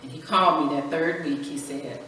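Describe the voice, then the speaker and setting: A middle-aged woman from California, a guest speaker at a women's church breakfast, giving an animated personal testimony. She acts out dialogue and laughs often as she tells her story, heard from a distance in a church hall. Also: low voice, brisk. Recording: echoey church hall from far off, faint background hiss.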